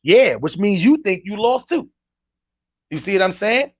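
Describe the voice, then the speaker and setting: A man talks fast and incredulously at his live chat, reacting to clips. His voice sits high for a man and sounds close and dry, with no room around it. The recording is a bit dull and lo-fi. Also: big pitch swings, husky, no echo. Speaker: commentary host reacting to clips. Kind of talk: casual reaction commentary.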